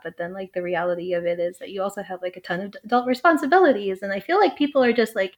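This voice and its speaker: A young adult woman, a guest on a podcast, talking casually and hesitantly, full of fillers and laughs. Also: medium pitch. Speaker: astrologer guest. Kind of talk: casual chat.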